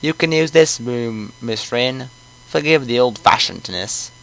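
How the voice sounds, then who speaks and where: A man voicing a kindly old male landlord with a put-on British accent, speaking slowly and courteously. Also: medium pitch, gravelly, fairly bright tone, low-quality recording. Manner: slow, courteous, old-fashioned.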